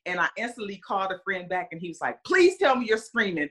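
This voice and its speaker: A woman's voice: mid-range voice, animated, brisk, hardly any pauses, fairly bright tone. A middle-aged woman, a football player's mother, chatting casually as a podcast guest and acting out quotes with lots of fillers. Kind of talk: casual storytelling.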